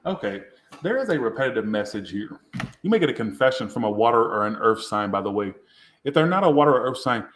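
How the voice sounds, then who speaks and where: A tipsy tarot reader does a live reading, rambling crudely and making fun of himself. His fairly bright voice sits at an ordinary middle pitch, and the room adds a noticeable echo.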